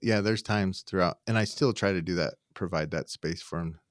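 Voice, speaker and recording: A middle-aged man with a very low voice, talking softly and plainly as a podcast guest. The sound is close and dry, with no echo. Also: normal speed. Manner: soft-spoken, says "yeah" often. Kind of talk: casual conversational interview.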